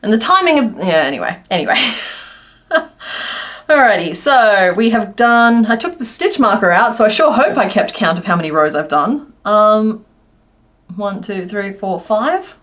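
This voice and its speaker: A woman's voice: mid-range voice, very animated, normal speed, fairly bright tone. A woman chatting casually on a crochet livestream, rambling and laughing often. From Australia. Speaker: crochet streamer.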